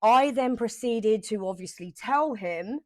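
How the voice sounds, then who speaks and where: Speaking straight to camera, a woman vlogger shares a personal story with emotion and animation, repeating herself for emphasis and cursing now and then. Her voice is on the higher side, her pace measured, and there's no room sound.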